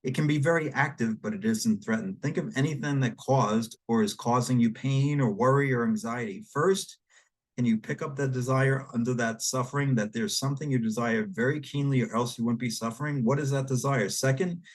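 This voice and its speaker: A man narrating a spiritual book aloud in a measured, reflective manner, speaking directly to the listener. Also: mid-range voice. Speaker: audiobook reader. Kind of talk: read-aloud nonfiction narration.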